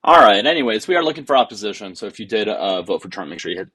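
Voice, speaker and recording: A man with a low, husky voice hosts a live debate stream. He is blunt and cuts callers off when they ramble. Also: sing-song, racing, bright, forceful tone, no room sound. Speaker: livestream host.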